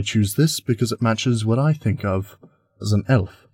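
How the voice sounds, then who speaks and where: A man with a husky voice hosts an explainer podcast. He talks in a friendly way and lays things out in plain steps. The sound is dry and close. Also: fairly low pitch, measured pace, darkish tone, no room sound. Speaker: podcast host.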